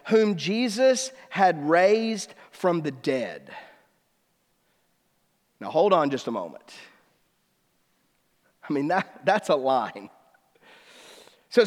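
A man in his thirties preaching a sermon, telling a personal story with lively swings between hushed and excited delivery. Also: sits high, long reverb tail. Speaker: pastor.

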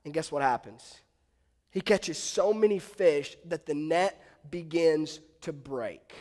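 Male pastor, sermon, conversational storytelling, high voice, long hall reverb. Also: takes it slowly, a little mellow. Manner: conversational storytelling, asks the congregation questions.

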